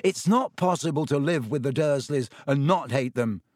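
A man's voice: a little high, moderate pace, darkish tone, dry recording, clean studio sound, lightly acted. A man voicing a hot-tempered teenage schoolboy who speaks in a tense, clipped, angry way. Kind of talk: audiobook character voice.

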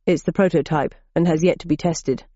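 Woman doing a calm, assured company boss. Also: low voice, brisk, no room sound, lo-fi sound. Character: calm, assured male corporate executive.

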